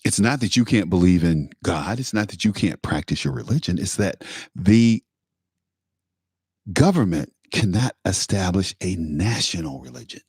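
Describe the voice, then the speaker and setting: A male talk show host from Michigan delivering an opinion monologue, sarcastic and animated, often laughing at his own points. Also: low voice, moderate pace, slightly rough, dry recording, clean studio sound. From Pontiac, Michigan, USA.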